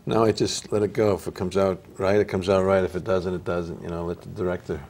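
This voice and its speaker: Nasal italian-american older guy, kinda low voice, easygoing stories. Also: little pitch movement, fast, darkish tone. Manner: storytelling, easygoing. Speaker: guest actor. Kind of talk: casual interview chat.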